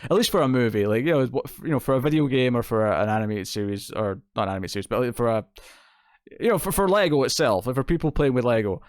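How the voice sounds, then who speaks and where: A man's voice: medium pitch, fast talker, no room sound. Casting: male film reviewer, conversational and rambling, resonant voice, dry close sound. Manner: rambling, with many fillers and restarts. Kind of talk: casual spoken movie review.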